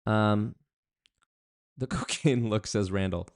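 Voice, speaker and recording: Animated man hosting a jokey live stream. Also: slow. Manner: animated, jokey, big pitch swings, hype shout-outs. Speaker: YouTube commentary streamer. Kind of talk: live-stream commentary reading chat.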